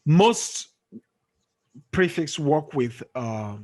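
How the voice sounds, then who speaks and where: A man teaching a classroom lesson, explaining slowly and quizzing his students as he goes. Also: on the high side, lively intonation, darkish tone. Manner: slow, drawn-out explaining with questions to students. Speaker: English teacher.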